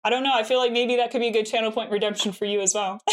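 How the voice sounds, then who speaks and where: A young American woman streams a game while chatting casually with her viewers, bubbly and giggling often, peppering her speech with "like." Her voice is fairly high with a steady tone and a quick pace.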